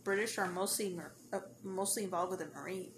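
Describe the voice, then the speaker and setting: A woman's voice: medium pitch, fairly even intonation, fairly quick. A young woman in casual chat, mostly chiming in with short agreements.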